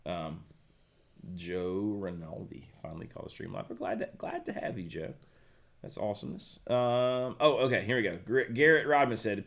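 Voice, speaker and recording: Male stream co-host, low voice, relaxed rambling gear talk. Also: normal speed, gravelly. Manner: relaxed, rambling, lots of fillers and restarts. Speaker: co-host of a guitar shop live stream. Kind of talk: casual chat, reading viewer comments.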